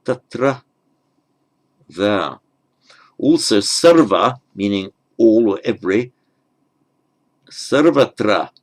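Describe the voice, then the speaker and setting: A man's voice: fairly low pitch, expressive, slow pace, pauses often. A man giving a patient step-by-step language lesson, spelling out terms carefully with frequent ums and small restarts. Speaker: Sanskrit teacher.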